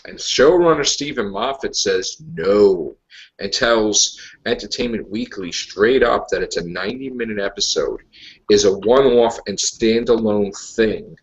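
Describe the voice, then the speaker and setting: A man's voice: on the low side, unhurried. A man hosting a casual podcast, reading news aloud and wandering off into rambling asides. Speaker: podcast host. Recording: dull lo-fi podcast audio.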